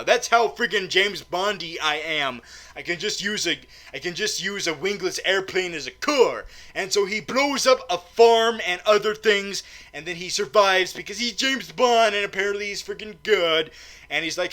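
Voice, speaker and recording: A man tells a comic movie recap in a high, bright voice. He rambles and stammers and fills his talk with filler words. He often argues with himself as he goes. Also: moderate pace.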